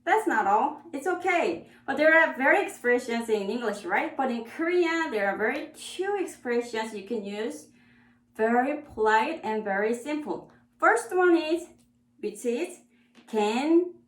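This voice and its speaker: A woman teaching a beginner Korean lesson in English that is plainly not her first language. She speaks slowly and repeats each phrase for practice. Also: a little high, lively intonation, echoey room. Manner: slow, repeats words for practice.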